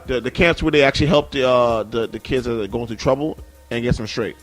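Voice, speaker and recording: A man's voice: medium pitch, fast, soft background music. Emphatic New man. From the Bronx, New York. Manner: emphatic, repeats his points. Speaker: radio show co-host. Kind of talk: casual radio banter.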